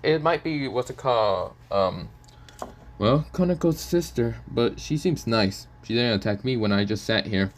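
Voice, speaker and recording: A man voicing a calm, possessive young woman, in his own plain voice, in a fan story reading. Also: mid-range voice, a little slow, a little hiss or hum, natural voice. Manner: calm, hesitant.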